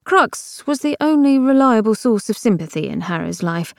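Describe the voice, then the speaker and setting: A woman narrating a novel as an audiobook in measured, even storytelling. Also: a little high, gravelly, dry recording, clean studio sound. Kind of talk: scripted fiction narration.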